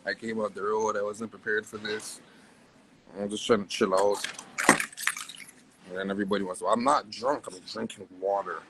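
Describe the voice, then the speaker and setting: A young man, ranting profanely on a phone livestream, his voice jumping wildly between low and high. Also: normal speed, pauses often, noisy background. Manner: profane, animated, wild pitch swings. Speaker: livestream host. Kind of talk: casual livestream rant.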